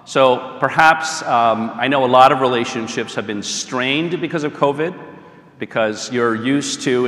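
An American man speaking at a middle pitch gives an easygoing lecture to a live audience. He talks conversationally, with frequent ums and "okay?" checks. His voice rings out with a long reverb in a large, echoey hall. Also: fairly bright tone. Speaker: speaker leading a talk on marriage.

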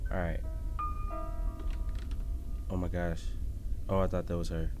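A man hosting a gaming channel, giving casual, slangy commentary on a mobile horror game, swinging from low mumbling to sudden shouts. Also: flat delivery, a little slow. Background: background game music.

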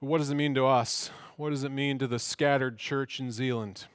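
A man's voice: medium pitch, fairly even intonation, fairly quick, clear, resonant tone, dry recording, studio quality. A man preaching a sermon as pastor of a church, earnest, with emphatic repeats and questions.

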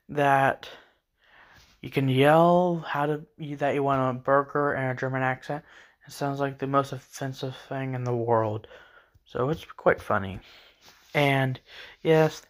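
A man casually narrating character lore for his own video, rambling and hesitant with many fillers. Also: medium pitch. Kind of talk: casual lore talk over a speedpaint.

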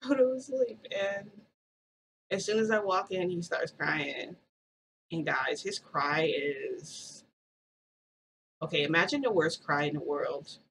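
A woman's voice: fairly low pitch, slow pace, long pauses, fairly bright tone, a little hiss or hum, rough recording. A woman vlogger telling a story in a rambling, casual way, full of "like" and restarts.

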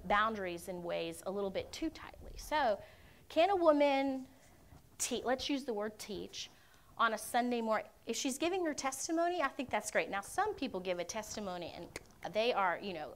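A woman's voice: mid-range voice, a bit bright. A woman speaking at a conference Q&A, explaining her views earnestly and often checking in with her listeners. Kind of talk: Q&A teaching talk. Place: university conference room.

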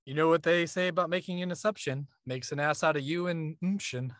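A man's voice: fairly high pitch, a little fast, dry recording, studio quality. A man from New York, a podcast co-host and audiobook narrator, joking and swearing in casual chat. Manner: joking, profane, animated.

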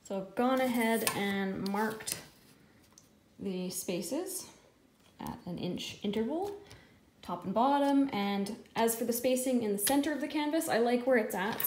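Working out the math out loud, a woman painter talks through a how-to with a relaxed, joking, chatty manner. Her medium-pitched voice comes from an echoey room with faint ambience and a bit of background noise.

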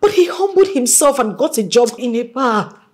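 A woman's voice: on the high side, big pitch swings, normal speed, darkish tone. An actress with a Nigerian English accent playing a young woman who argues with her mother and begs to keep the man she loves. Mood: arguing. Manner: pleading, emotional. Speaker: daughter.

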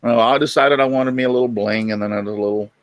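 A man's voice: medium pitch, fairly even intonation, fast, dry recording. A middle-aged man, hosting a casual chat and telling folksy stories. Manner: folksy storyteller, acts out voices in anecdotes. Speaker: host.

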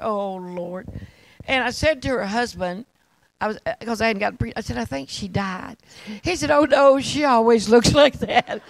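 A woman's voice: a little high, gravelly, no room sound, low-quality recording. An older woman preaching and telling stories, often laughing as she talks. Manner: laughing storyteller, animated. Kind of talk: testimony sermon with anecdotes.

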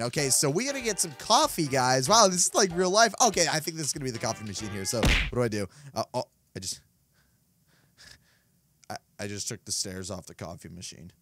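Excitable male game host, high and bouncy voice, reacts loudly while reading the game out. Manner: excitable, reads game text aloud and reacts. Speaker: gaming video host. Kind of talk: excited gameplay commentary.

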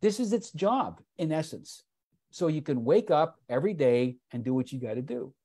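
With a fairly high, animated voice that is darkish and breathy, a man talks at normal speed on a video call, presenting wellness products. His sales story is folksy, peppered with "folks" and acted-out quotes.

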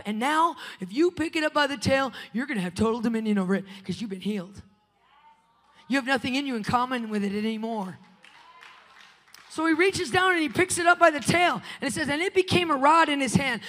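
A woman preacher giving a fiery sermon in a church, swinging between shouting and hushed whispers. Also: high voice. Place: church sanctuary. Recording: long church-hall reverb.

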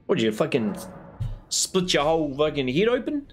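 A man's voice: a little high, huge pitch swings, moderate pace, faint music behind. A man with a New Zealand accent streaming a game late at night, chatting casually, teasing his viewers and swearing freely. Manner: laid-back, swears freely, teases his chat.

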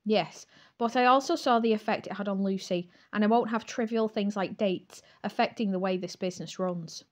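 A woman's voice: mid-range voice, moderate pace, few pauses, lightly acted. A woman voicing a controlling male boss who speaks curtly and formally, in a storybook reading. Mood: stern.

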